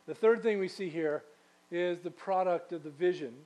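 A man with a high, slightly mellow voice preaches at a normal speed. This pastor keeps his sermon conversational, putting questions to the congregation and tossing in casual asides.

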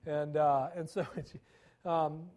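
A man's voice: a little high, level tone, slow, darkish tone. A male pastor giving a conversational sermon, acting out quoted dialogue with stammering repetitions.

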